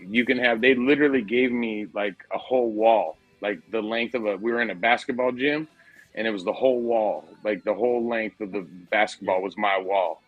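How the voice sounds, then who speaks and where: A low-pitched man in his forties tells rambling, profane stories in an easy, casual podcast chat. His voice sits dry and close to the mic, with no room sound around it. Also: fairly even intonation, brisk, no room sound, phone-quality sound. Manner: profane, rambling storyteller, says dude a lot. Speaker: podcast host.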